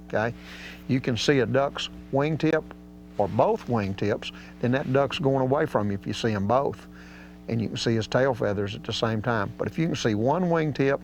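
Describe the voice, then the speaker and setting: A man teaching duck calling in a folksy, drawling way. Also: mid-range voice. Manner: folksy and drawling, with casual grammar. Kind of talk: outdoor hunting instruction. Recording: slightly dull audio with faint hum.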